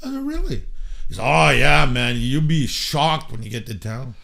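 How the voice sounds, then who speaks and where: A man from Canada telling a story as a podcast guest, animated and loose. He acts out the people in his tale, jumping up in pitch for their quoted lines and dropping low and quiet for the serious parts. His voice sits mid-range for a man. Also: moderate pace, gravelly. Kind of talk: casual storytelling in conversation.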